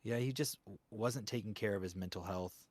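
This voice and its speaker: Low-voiced guy chatting in an interview, kinda rambly and thoughtful, dry sound. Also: brisk, no echo. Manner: reflective, rambling with fillers. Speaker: guest voice actor. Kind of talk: casual interview chat.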